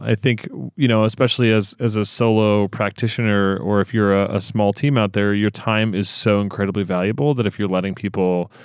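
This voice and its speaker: A man's voice: on the low side, smooth, no room sound, studio quality. A man hosting a podcast, reflecting enthusiastically on what his guest has said. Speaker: podcast host. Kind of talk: casual podcast conversation.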